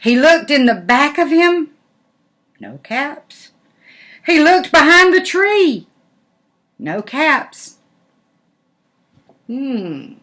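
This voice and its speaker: An older woman, a grandmother, reading a picture book aloud in an animated way and asking the listener questions. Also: high-pitched, very slow, long pauses. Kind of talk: storybook read-aloud.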